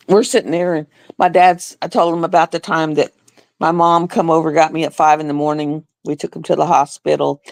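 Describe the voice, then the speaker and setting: Gravelly, indignant woman telling a story. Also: low-pitched, a little mellow, no room sound. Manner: indignant, repeats herself, acts out others in a raised voice. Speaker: live streamer. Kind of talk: casual storytelling on a live stream.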